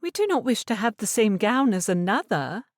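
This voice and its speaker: A woman's voice: on the high side, big pitch swings, moderate pace, no room sound, studio quality, voice pushed up. A woman narrator voicing a stern, controlling middle-aged mother in an audiobook, speaking in an imperious, clipped manner. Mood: anxious, insistent.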